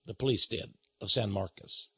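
A middle-aged man giving an animated, emphatic storytelling lecture with dramatic pauses. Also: lowish voice, slightly rough, no echo. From Austin, Texas. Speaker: speaker on Freemasonry. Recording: dull, dry lo-fi recording.

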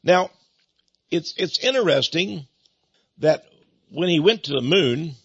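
A man's voice: fairly high pitch, animated, slow, breathy edge, no room sound, dull audio. An older man hosting a talk radio show, rambling in a folksy way with chuckling asides. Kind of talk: talk radio monologue with book pitch.

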